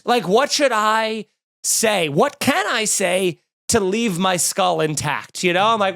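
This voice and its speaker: Man, comedian host, high-pitched voice, animated storytelling, dry studio sound. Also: moderate pace, gravelly, dry recording. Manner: animated, swearing, acts out quotes. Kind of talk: casual storytelling monologue.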